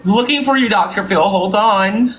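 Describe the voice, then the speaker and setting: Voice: medium pitch, moderate pace, a bit bright, rough recording. A host on a live stream, boastful, thanking viewers for gifts by name. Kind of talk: casual live stream chat.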